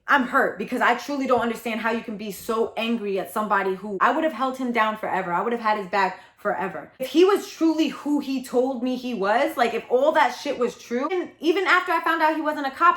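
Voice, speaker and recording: A woman's voice: a little high, fairly quick, a bit bright, reverberant. A woman telling a personal story in a blunt, profane, heated way, as a vlogger. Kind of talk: casual confessional storytelling.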